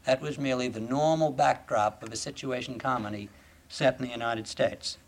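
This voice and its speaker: A man lecturing an audience in a deliberate, emphatic way, often asking rhetorical questions. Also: mid-range voice. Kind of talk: formal lecture.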